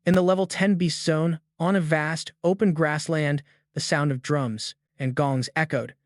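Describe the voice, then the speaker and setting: Male narrator, steady scripted recap reading, dry sound. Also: fairly high pitch, unhurried, no room sound.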